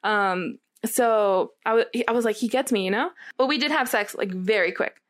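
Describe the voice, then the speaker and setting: In a mid-range, slightly bright voice at a normal pace, this young podcast co-host tells a long, meandering story during a casual chat. She leans heavily on fillers and keeps quoting what others said.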